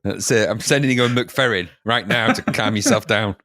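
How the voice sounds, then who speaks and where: A man co-hosting a casual podcast chat, deadpan and teasing as he spins running jokes. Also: fairly low pitch, moderate pace, no room sound, clean studio sound. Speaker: podcast co-host.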